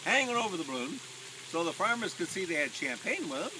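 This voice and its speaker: A man's voice: a little high, big pitch swings, quick pace, noisy background. A man working as a hot air balloon pilot, telling passengers a story in a playful, teasing way and laughing at his own jokes, outdoors in a field.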